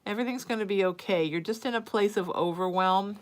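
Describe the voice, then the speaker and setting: A woman's voice: medium pitch, fairly quick, slight background noise. A woman hosting a live psychic reading stream, talking casually and frankly, and drifting into baby talk with her cat between answers. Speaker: psychic show host.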